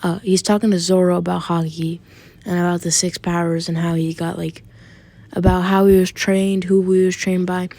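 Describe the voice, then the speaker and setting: Low, mellow woman rambling through a story. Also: little pitch movement, moderate pace, dry recording. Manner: rambling, many fillers and restarts, occasional swearing. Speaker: fan storyteller. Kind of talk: unscripted casual retelling.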